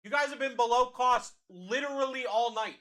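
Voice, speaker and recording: A man hosting a live card-break stream. He talks to chat in fast, hyped sales patter and calls out players as spots sell. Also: extremely high pitch, a bit bright. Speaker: card break livestream host.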